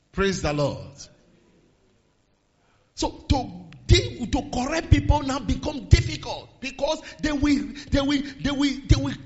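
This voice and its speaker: A man preaching a sermon, swinging from low murmurs to raised exhortations and quoting scripture in old-fashioned phrasing. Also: a little mellow, lo-fi sound. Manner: quotes scripture in King James phrasing.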